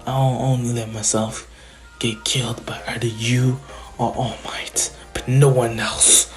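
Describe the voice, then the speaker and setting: A man's voice: mid-range voice, level tone, measured pace, natural voice. A man playing a fanatical killer villain in his own everyday voice. He sounds scornful, with faint music underneath.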